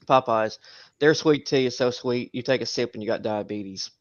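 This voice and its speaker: A man chatting on a livestream, teasing the others quickly and laughing often. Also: medium pitch, no echo, dull audio. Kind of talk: casual livestream chat.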